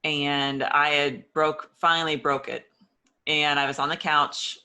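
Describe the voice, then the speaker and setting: A woman shares her own story as an interview guest, speaking earnestly and with raw emotion. She slips into the voices of old conversations while she recounts them. Her tone is very bright and edged, set in a lowish register. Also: flat delivery, a little slow. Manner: earnest, openly emotional, re-enacts past conversations. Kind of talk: personal testimony in an interview.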